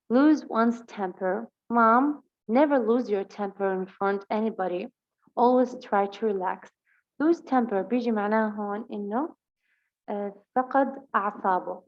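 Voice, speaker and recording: A woman with a Levantine Arabic accent who speaks Arabic natively, teaching English vocabulary. She reads example sentences slowly and explains them quickly. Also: mid-range voice, lo-fi sound. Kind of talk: bilingual vocabulary lesson.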